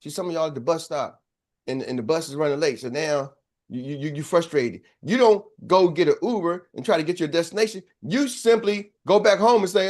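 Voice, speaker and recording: The voice of this middle-aged sales coach is on the high side and a little mellow, moving a little fast. His motivational talk is preachy and story-based, and he calls out to the audience.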